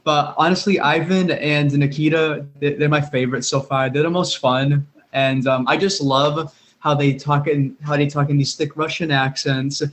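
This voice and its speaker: A man's voice: a little high, steady tone, moderate pace, a bit bright. A man co-hosting a podcast who chats casually, is easily amused, and laughs often. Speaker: podcast co-host. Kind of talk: casual chat.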